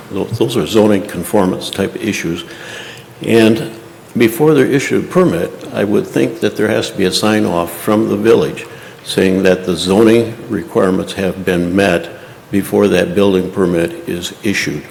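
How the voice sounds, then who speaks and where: Gravelly man, measured, in a hall. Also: on the low side, darkish tone. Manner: measured, methodical. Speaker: resident giving public comment. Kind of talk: public comment at a council meeting. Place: council chamber. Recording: echoey hall with faint room noise.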